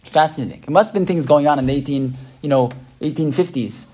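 A man teaching a class, reading texts aloud slowly and explaining them, often checking in with "right?". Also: a little high, darkish tone. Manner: reads Hebrew texts slowly then explains. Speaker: Torah teacher. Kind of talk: text-based class lecture.

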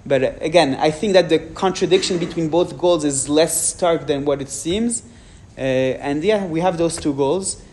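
A man's voice: on the high side, a little mellow, a little hiss or hum. French-accented man speaking frankly. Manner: frank, measured, with hesitations. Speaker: speaker answering questions. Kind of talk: public talk with questions.

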